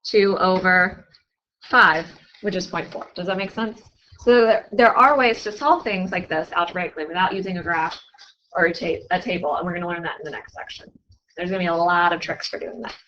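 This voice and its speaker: A woman's voice: lowish voice, fairly quick, fairly bright tone, highs cut off. A young woman teaching a math class, chatty and often asking her students questions. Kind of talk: classroom lecture.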